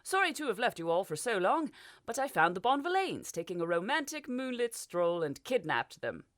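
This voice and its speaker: A boisterous, jovial male nobleman in a fantasy audiobook, loud and breezy, as a woman narrator puts him on. His lines bounce up and down and sound dry and close. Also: medium pitch, very animated, moderate pace, dry recording, pitched above the performer's own voice, close to an everyday voice.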